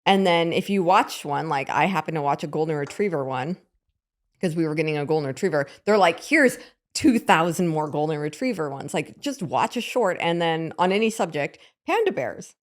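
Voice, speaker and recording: A woman's voice: sits low, animated, a little fast. Chatty woman cohost, voice bouncing all over, acts out quotes. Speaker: podcast co-host. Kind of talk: casual conversational podcast.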